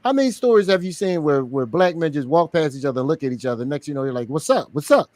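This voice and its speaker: A man in casual podcast chat, talking in an animated, profane, joking way. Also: on the high side, quick pace, no room sound.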